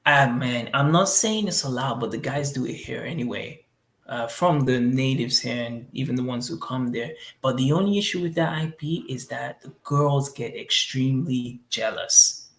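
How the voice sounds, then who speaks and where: Brief: male interview guest, relaxed and rambling, gravelly edge, roomy echo. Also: medium pitch, moderate pace. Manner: laid-back, rambling with many fillers. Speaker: interview guest living abroad. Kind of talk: casual interview answers.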